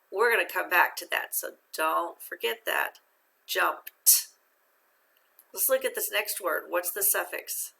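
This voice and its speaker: A patient woman teaches phonics to young children, speaking slowly and stretching out each sound. Her tone is bright and clear with a gravelly fry underneath. She asks questions, waits, then praises the answer warmly. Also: medium pitch.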